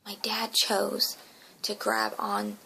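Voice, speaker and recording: A woman's voice: mid-range voice, completely flat delivery, slow pace, creaky, pushed and bright, slight background noise, low-quality recording. A woman earnestly recounting a dream as a personal testimony, emotional and often dropping into a whisper.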